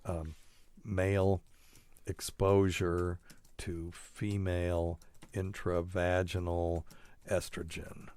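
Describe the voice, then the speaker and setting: A man's voice: low voice, a little mellow. A male doctor hosting a podcast in a casual chat, thinking aloud as he reads through studies and adds chuckling asides.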